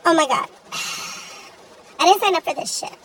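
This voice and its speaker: A sassy, foul-mouthed young woman, voiced by a woman for a gacha cartoon, ranting with exasperated swearing. Her voice sits high and bright, and it sounds a little far from the mic over faint background noise. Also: measured pace. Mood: irritated. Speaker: voice actor for animated gacha video. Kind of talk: comedic rant monologue.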